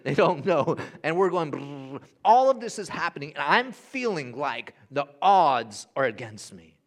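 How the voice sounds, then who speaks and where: A man in his thirties, a pastor preaching a sermon with animated storytelling that swings between hushed and loud. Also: fairly high pitch, moderate pace. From Honduras.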